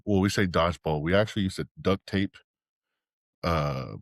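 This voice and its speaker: A man's voice: deep voice, normal speed, no room sound, studio quality. A man, a podcast guest from Texas, telling stories in casual, rambling chat and swearing freely.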